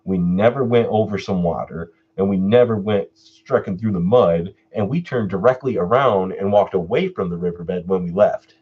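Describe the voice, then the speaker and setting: Low gravelly-ish guy on his live stream, swears a lot, chill storytelling, muffled audio. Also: normal speed, few pauses. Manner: laid-back, swears freely, animated when retelling. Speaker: channel host doing a live stream Q&A.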